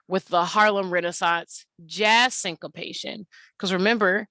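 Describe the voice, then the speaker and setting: A woman's voice: fairly low pitch, pushed and bright, no echo. A young woman teaching an English lesson over slides, explaining casually and saying words aloud to show their rhythm. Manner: conversational, with fillers.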